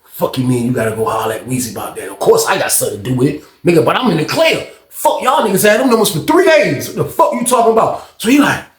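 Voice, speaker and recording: Man, casual storytime, high-pitched voice, lively and profane, echoey room. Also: quick pace. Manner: animated, acts out shouted quotes in a raised voice; heavy profanity and slang. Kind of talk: casual storytime about prison.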